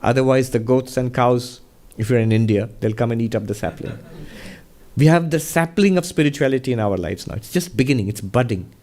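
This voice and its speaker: Monk giving a spiritual Q&A talk, measured, conversational storyteller. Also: male voice, medium pitch, a little mellow. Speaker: monk and resident minister.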